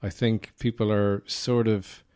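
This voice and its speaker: A man's voice: fairly low pitch, flat delivery, unhurried, darkish tone, clean tone. An Irish man hosting a solo podcast, rambling wryly from thought to thought with lots of "uh" fillers. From Ireland. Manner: rambling and digressive, many "uh" fillers; wry, self-deprecating humor. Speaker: podcast host. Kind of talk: casual solo podcast talk.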